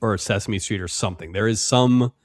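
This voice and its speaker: A man's voice: lowish voice, fairly quick, no echo, clean studio sound. A man co-hosting a podcast, bantering playfully about an old TV episode. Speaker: podcast co-host. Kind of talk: casual podcast recap chat.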